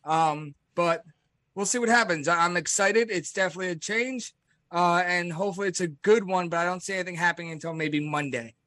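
A man with a fairly high, bright, tense voice speaks hesitantly, leaning on fillers and restarts. The sound is dry and close, with no room echo. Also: fairly quick. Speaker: panelist. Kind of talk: casual panel chat.

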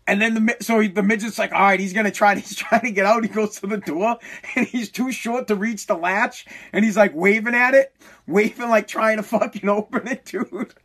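A man's voice: high-pitched, fairly even intonation, normal speed, fairly bright tone. A man chatting casually as a podcast host, swearing freely, rambling with restarts and laughing as he retells things. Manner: profane, laughs often while retelling.

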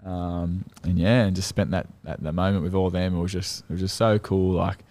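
A young man from Australia's Central Coast with an Australian accent, a guest telling a story in a relaxed, rambling way and swearing casually. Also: sits low, brisk. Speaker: guest, rugby league player.

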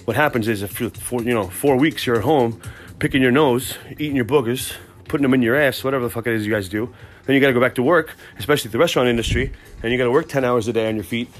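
A man hosting a podcast, telling a rambling, profane, excitable comic story from work. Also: mid-range voice, fast, soft background music. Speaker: podcast host. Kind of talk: casual comic storytelling monologue.

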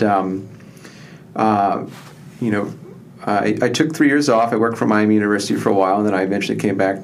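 Low gravelly-voiced man, thoughtful historian guest. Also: slight background noise. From southwestern Ohio. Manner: thoughtful, with many fillers and restarts. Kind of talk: conversational interview.

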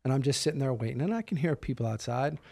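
Mellow-voiced man telling a story. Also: medium pitch, fast talker, creaky, husky. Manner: animated, acts out dialogue. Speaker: podcast guest. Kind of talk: casual storytelling.

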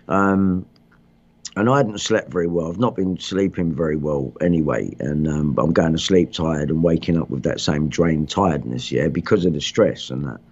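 A man's voice: very deep voice, normal speed, a little mellow. A man hosting a livestream, telling his story in agitated, rambling casual chat full of swearing. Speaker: livestream host. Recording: dull lo-fi stream audio.

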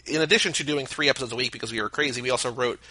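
A man's voice: medium pitch, rapid-fire, pushed and bright, low-quality recording. A man co-hosting a podcast, chatting casually about a movie and dropping trivia as he goes. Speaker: podcast co-host. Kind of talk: casual movie commentary chat.

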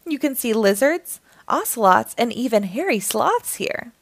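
A woman's voice: on the high side, big pitch swings, measured pace, no room sound, exaggerated voice. A woman voicing a kindly, cheerful old Santa who explains things with a smile. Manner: warm, smiling, gently explaining.

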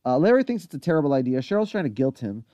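Lively, animated male podcast recapper. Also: mid-range voice, racing, no room sound, clean studio sound. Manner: animated, chatty recapping with fillers and asides. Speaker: podcast co-host recapping a TV episode. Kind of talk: casual chat.

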